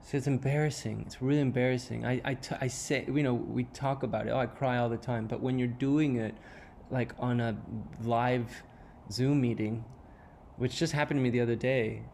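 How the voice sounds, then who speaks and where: An older man talking haltingly in an interview, repeating words, close to tears as he speaks. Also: medium pitch, fairly even intonation, vocal fry, a little mellow, slight background noise. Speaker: interview guest, musician. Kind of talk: emotional conversational interview.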